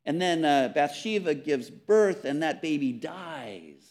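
A man preaching a sermon, earnest and emphatic, repeating words and dropping softly on key phrases. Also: fairly high pitch, expressive, slow pace. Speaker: pastor.

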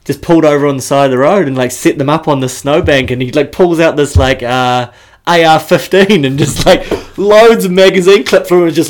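A man's voice: a little high, brisk. A man in casual podcast chat, laid-back, swearing freely and laughing often as he tells stories.

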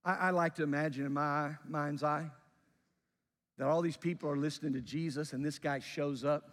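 A man preaching a sermon, telling a story conversationally with animated emphasis and building to a fervent close. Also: fairly high pitch, moderate pace, in a large hall. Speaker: pastor.

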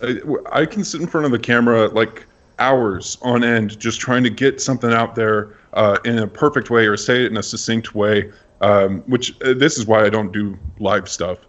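A man's voice: on the low side, normal speed, few pauses. A man, a guest creator, chatting casually and candidly on a panel. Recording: dull lo-fi audio.

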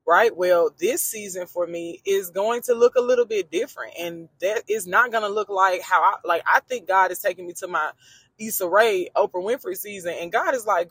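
A woman hosts her faith podcast from her car, speaking in a husky, breathy voice. She talks to her listeners as friends, in a chatty and emphatic way that often turns preachy. The sound is close and dry. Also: medium pitch, moderate pace, fairly bright tone, no echo. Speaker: podcast host. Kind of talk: casual faith-based podcast monologue.

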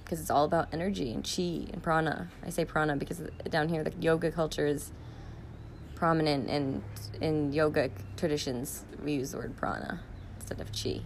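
A middle-aged woman with a lowish voice talks on her own podcast. She rambles and restarts her sentences, openly emotional. A faint hiss of ambience sits behind her. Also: fairly even intonation, moderate pace, vocal fry. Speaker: podcast host. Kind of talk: casual personal podcast monologue.

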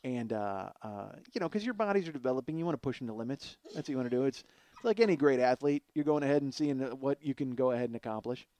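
A man hosting a podcast, telling a long comic story in a casual, animated and profane way, mocking himself. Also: medium pitch, fast talker, no room sound. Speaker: podcast host.

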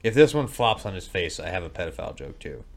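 A man co-hosting a podcast, trading deadpan, profane jokes and laughing in casual crude banter. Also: sits low, fast talker, a little hiss or hum. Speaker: podcast co-host. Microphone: studio microphone with headphones.

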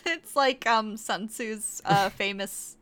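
A woman's voice: mid-range voice, slow, a bit bright. A woman podcast host doing a mock-serious comic reading of fan fiction, with giggly asides.

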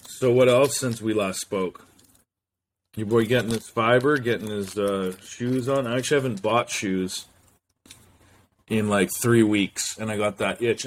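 A man's voice: fairly low pitch, fairly even intonation, unhurried, a little hiss or hum. A man hosting a solo podcast, rambling loosely from one thought to the next and swearing freely. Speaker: podcast host.

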